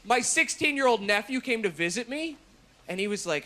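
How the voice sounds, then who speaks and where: A man in his twenties doing a stand-up routine on a TV comedy show, deadpan with sudden shouted bursts. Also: extremely high pitch, normal speed, pauses often, heavy background noise. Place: TV studio stage before an audience.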